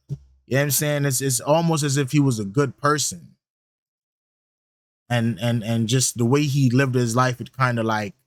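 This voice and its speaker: A man's voice: medium pitch, no room sound. Slangy rambling man reacting, dry sound. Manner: rambling, repeats lines back and muses on them; slangy, many fillers and restarts. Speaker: reaction channel host. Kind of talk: casual reaction commentary.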